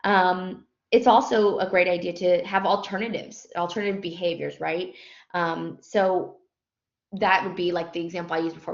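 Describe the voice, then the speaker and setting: A woman with a fairly low voice talks through a nursing lecture at an easy pace, often pausing on "um" and correcting herself mid-phrase. The sound is dull and lo-fi, with a roomy echo around her. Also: vocal fry. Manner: conversational, frequent ums and self-corrections. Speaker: nursing instructor. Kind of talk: recorded lecture.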